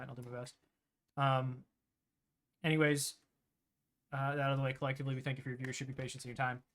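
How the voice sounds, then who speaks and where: Bright-voiced ranting male stream host. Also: mid-range voice. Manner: ranting, profane, rambling. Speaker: game master and stream host. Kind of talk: loud casual stream chat.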